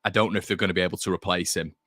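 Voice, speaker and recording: Young male stream host, low and bright voice, dry close sound, casual and opinionated. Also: steady tone, very fast, no room sound. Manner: chatty, reads out viewer comments, opinionated. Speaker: fan channel host. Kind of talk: casual live-stream chat.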